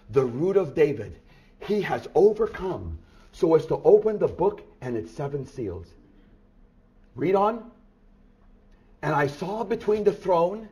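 A man preaching a sermon through a scripture passage, dropping to hushed tones and then building to loud, emphatic bursts, with repeated rhetorical questions. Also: fairly high pitch, gravelly. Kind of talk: expository sermon reading from scripture.

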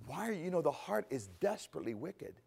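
A man preaching a conversational sermon, animated, asking rhetorical questions and answering them himself. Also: fairly high pitch, quick pace, vocal fry, breathy edge. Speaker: pastor.

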